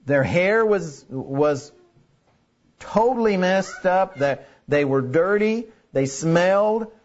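Man preaching, high voice, earnest, repeats phrases, dull lo-fi recording. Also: expressive, slow pace. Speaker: pastor. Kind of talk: sermon.

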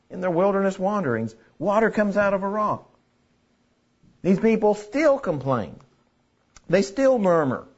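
A man's voice: sits high, breathy edge, highs cut off. A man preaching a sermon in an earnest way, repeating key phrases for emphasis. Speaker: pastor.

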